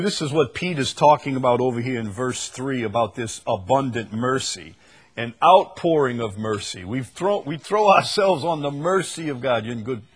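A male pastor preaching a sermon, teaching from the Bible in an unhurried way and repeating key phrases for emphasis. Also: medium pitch, husky.

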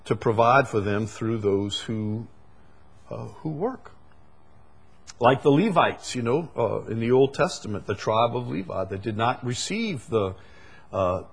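Male preacher, husky voice, emphatic delivery that swells and drops. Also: mid-range voice. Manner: emphatic, swings between loud peaks and quiet asides. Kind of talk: sermon.

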